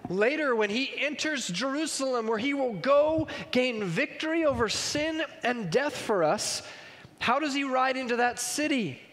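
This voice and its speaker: A man's voice: very high-pitched, expressive, measured pace, fairly bright tone. A man preaching a sermon with emphatic delivery and frequent rhetorical questions. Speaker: pastor. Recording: long reverb in a large hall.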